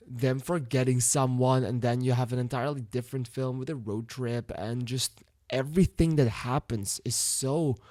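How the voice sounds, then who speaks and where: Animated Dutch-accented man reviewing films. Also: mid-range voice, no echo, studio quality. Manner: animated, frank, swears casually. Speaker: movie reviewer. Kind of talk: casual video review.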